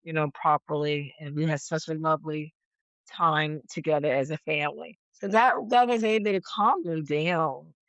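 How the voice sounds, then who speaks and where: A woman's voice: sits low, a bit bright, clean tone, dry recording, low-quality recording. Reflective woman with a dry, close sound. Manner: reflective, halting, repeats words while searching. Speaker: podcast guest, yoga teacher. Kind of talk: casual conversation.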